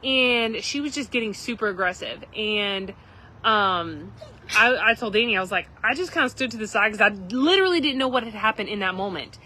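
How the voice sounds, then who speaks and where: A woman's voice: mid-range voice, lively intonation, a little fast, pushed and bright, a little hiss or hum, poor audio. A woman, casually telling a rambling story to live viewers outdoors at a campground. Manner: rambling, chatty, frequent "like" and "literally". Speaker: livestream host.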